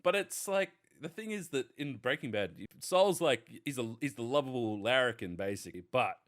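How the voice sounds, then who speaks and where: A man's voice: mid-range voice, lively intonation, normal speed, a bit bright. A man, chatting casually on a podcast and rambling enthusiastically, with lots of swearing. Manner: profane, rambling enthusiastic storyteller. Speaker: podcast panelist. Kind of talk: casual chat.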